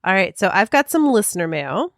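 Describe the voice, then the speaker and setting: A woman's voice: medium pitch, sing-song, a little fast, fairly bright tone, dry recording, studio quality. A woman co-hosting a podcast, chatting casually and reading listener mail, often hedging with "I mean" and "um". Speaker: podcast co-host.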